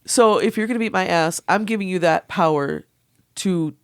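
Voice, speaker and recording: A woman speaks frankly as a podcast guest in a casual chat, her voice smooth and resonant. She laughs often and sometimes rattles off her words in quick bursts. The sound is close and dry, with no room echo. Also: fairly low pitch. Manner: candid, laughing, fast bursts.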